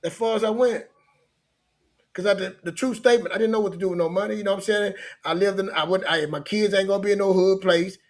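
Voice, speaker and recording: Man with a high voice. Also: fast talker. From Louisiana, United States. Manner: loose, conversational, repeats himself and restarts. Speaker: life coach telling his story. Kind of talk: motivational storytelling.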